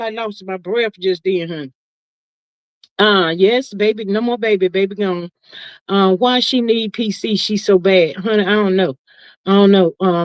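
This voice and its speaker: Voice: mid-range voice, no room sound, low-quality recording. A live-stream gossip host chatting casually with viewers, sassy and folksy, calling everyone "honey" and "child".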